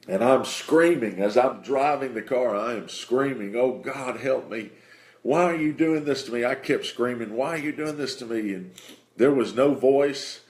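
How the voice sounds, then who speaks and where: A man's voice: fairly low pitch, a little mellow. A man, a Christian minister, earnestly telling a personal faith story in a casual, conversational way.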